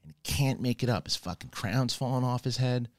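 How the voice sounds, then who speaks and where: A man hosting a casual TV episode review, retelling scenes in a profane, excitable way. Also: medium pitch, fairly quick, no room sound, studio quality. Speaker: host.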